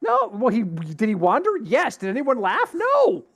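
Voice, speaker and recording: Male co-host, middle-aged, slightly high voice, chatty storyteller. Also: moderate pace. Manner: chatty storyteller, animated retelling. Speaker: podcast co-host. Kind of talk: casual chat.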